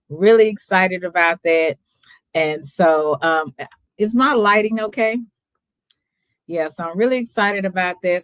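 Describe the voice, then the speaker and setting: A woman's voice: low-pitched, no echo. A woman hosting a casual livestream chat, talking easily, greeting viewers by name and laughing often. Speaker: livestream host.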